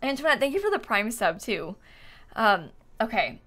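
A woman's voice: on the high side, sing-song, normal speed, pushed and bright, faint music behind. A woman live-streaming a life-sim game, chatting casually, thinking aloud as she builds and thanking viewers by name with frequent giggles.

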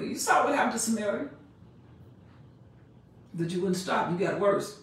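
A woman preaching a sermon. She reads scripture slowly and with emphasis, then explains it in plain everyday speech. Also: mid-range voice, sing-song. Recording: echoey room, mic far off.

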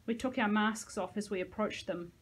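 A woman's voice: medium pitch, moderate pace, husky, rough recording. Woman reading a novel to kids. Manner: casual asides to listeners. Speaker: teacher reading to a class.

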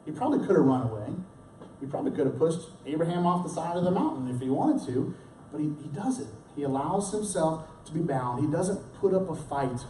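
A young adult or middle-aged pastor with a warm, somewhat high voice preaches expressively and a little fast, with slight background noise. The mic sits at a distance in a roomy church hall, and his conversational sermon features frequent restarts and dramatic acted quotes.

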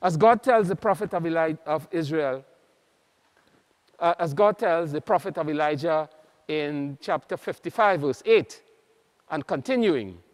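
Slow Trinidadian priest preaching. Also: male voice, fairly high pitch, lively intonation. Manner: earnest, measured, pausing often. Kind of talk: sermon. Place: large church. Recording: long church reverb.

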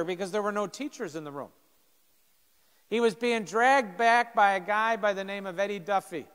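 A man's voice: sits high, fairly bright tone, in a large hall. A man in his fifties, a pastor telling a story to teenagers in short, punchy phrases, acting out the people in it. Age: 50s.

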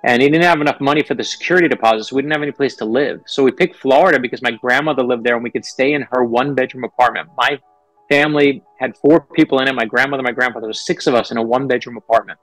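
A middle-aged man from New York, an author telling earnest, animated stories about his life as an interview guest. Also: mid-range voice, rapid-fire, dry recording, soft background music, low-quality recording. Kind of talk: interview storytelling.

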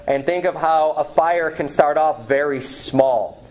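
A pastor preaching a sermon in church, reading scripture aloud with some restarts and fillers. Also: male voice, fairly high pitch, unhurried, a little mellow. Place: church sanctuary.

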